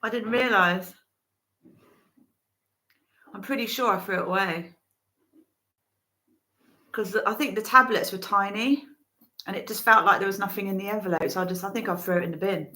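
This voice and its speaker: A woman's voice: medium pitch, moderate pace, long pauses, sharp tone, rough recording. A woman chatting casually at home on a livestream, giggly and self-deprecating. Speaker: co-host partner.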